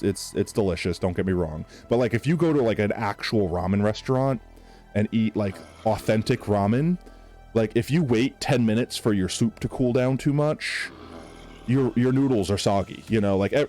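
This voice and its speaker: A man's voice: on the low side, normal speed, a little mellow, soft background music. A young man from New York with a slight Southern accent, chatting casually and rambling with lots of fillers while he streams a game. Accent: Southern US tinged. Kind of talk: casual chat while gaming.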